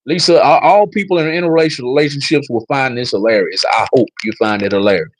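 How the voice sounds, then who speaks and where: A man's voice: medium pitch, fast, slight background noise, rough recording. A man hosting a casual livestream, talking straight to his viewers and telling a story. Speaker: livestream host.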